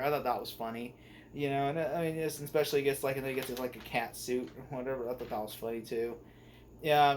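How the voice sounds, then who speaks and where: A young man talks through a movie review in a loose, rambling way, restarting his sentences and leaning on fillers as he goes. His voice sits at an ordinary middle pitch, and a faint hiss of noise runs under it. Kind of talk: casual spoken movie review.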